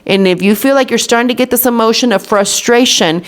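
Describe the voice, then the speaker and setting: A woman's voice: fairly high pitch, brisk. A woman in her thirties hosting a podcast, talking casually and retelling conversations with her young daughter. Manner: chatty, retells talks with her daughter, says "you know what I'm saying" often. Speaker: podcast host. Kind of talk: casual chat.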